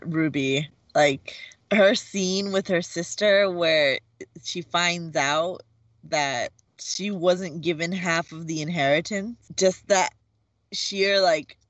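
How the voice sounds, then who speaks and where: A woman co-hosts a casual TV recap podcast, talking slowly and with emphasis. She fills her sentences with frequent fillers. The audio is dry, dull and lo-fi. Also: lowish voice, fairly bright tone, no room sound. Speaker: podcast co-host.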